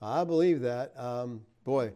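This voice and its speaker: Middle-aged man, pastor answering viewer comments; relaxed dark timbre, chatty and emphatic. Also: takes it slowly. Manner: chatty, laughs often, rises emphatic then drops low. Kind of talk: casual live-stream chat reading comments.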